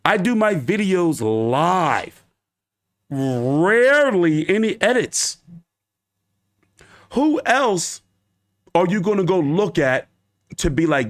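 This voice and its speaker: Male boxing vlogger, fairly high voice with lively swings, emphatic and profane live rant. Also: takes it slowly, long pauses. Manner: profane, emphatic ranting with repetition. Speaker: boxing YouTube host.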